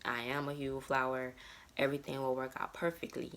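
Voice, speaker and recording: A woman's voice: a bass voice, little pitch movement, fairly quick, a bit bright. A woman in her thirties talking candidly and emotionally about her life in a personal vlog monologue. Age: 30s. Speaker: vlogger.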